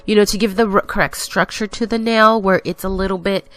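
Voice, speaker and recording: Over faint background music, a woman talks through her nail tutorial in a chatty, rambling voice-over, slightly breathless and often correcting herself. She speaks a little fast, mid-range and somewhat bright, with fairly even intonation.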